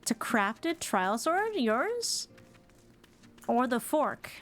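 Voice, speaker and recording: A woman's voice: a little high, very animated, slow, soft background music. A woman streamer giving chatty, playful commentary as she plays a video game. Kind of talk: let's play commentary.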